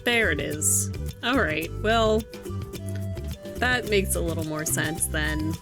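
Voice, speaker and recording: A woman's voice: low voice, takes it slowly, music in the background. A woman streamer reading a visual novel aloud and commenting, amused and profane, laughing often.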